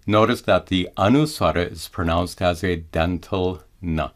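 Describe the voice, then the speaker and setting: A man teaching mantra pronunciation in a careful scripted lesson, slowing down to chant each example. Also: low-pitched. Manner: slow, careful explanation with drawn-out chanted examples.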